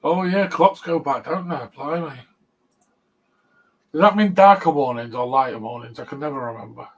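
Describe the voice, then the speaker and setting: A man's voice: a little high, normal speed, rough recording. A man hosting a casual chat, laid-back and chatty, often laughing. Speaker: host.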